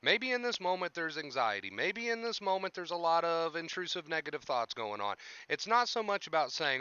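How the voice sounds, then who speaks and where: A man's voice: on the high side, sing-song, a little fast, hardly any pauses, bright, forceful tone, smooth, no room sound, highs cut off. A young man hosting a casual livestream, chatting with viewers and coaching them on anxiety, often repeating his phrases. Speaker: livestream host talking about anxiety.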